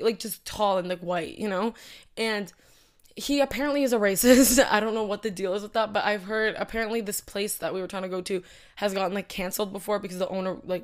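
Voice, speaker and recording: A young woman talks straight to her viewers in a loose, rambling storytelling chat. She piles on filler words and side comments as she goes, at an ordinary mid pitch. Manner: rambling, animated, lots of "like" and asides. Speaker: host.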